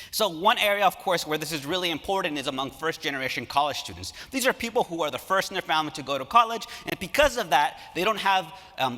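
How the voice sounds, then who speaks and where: A man speaking as an academic at a conference, telling stories in an animated way and engaging the audience from a lecture hall stage. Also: on the high side. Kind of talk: conference talk. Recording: reverberant hall.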